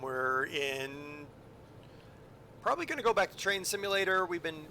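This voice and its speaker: A man's voice: mid-range voice, pushed and bright, a little hiss or hum. A man streaming a train game, chatting casually and joking with his viewers, with lots of ums and asides. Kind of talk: casual live-stream commentary.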